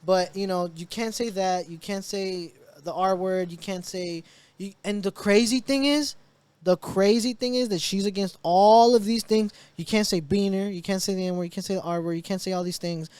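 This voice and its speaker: A man's voice: sits high, normal speed, clear, resonant tone, dry recording. A man chatting casually on a podcast, telling stories with lots of acted-out quotes, swearing and laughter. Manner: animated storyteller, acts out quoted people with swearing and laughs. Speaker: podcast co-host.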